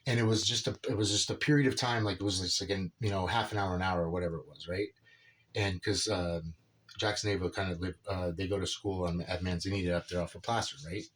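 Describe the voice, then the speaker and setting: Man, low voice, husky, casual rambling story, lots of fillers. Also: fairly even intonation, fast talker. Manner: rambling, full of fillers like "right?" and "dude". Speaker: father telling a personal story.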